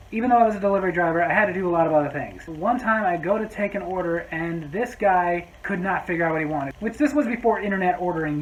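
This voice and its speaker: A man's voice: sits high, low-quality recording. A man telling a story from his restaurant job in a vlog, with sarcastic, exasperated asides. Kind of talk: storytime monologue.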